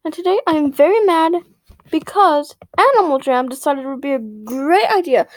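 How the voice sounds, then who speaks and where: A woman's voice: high-pitched, lively intonation, brisk, no room sound. A female gaming vlog host ranting indignantly in a casual, rambling way, repeating herself and filling with "like".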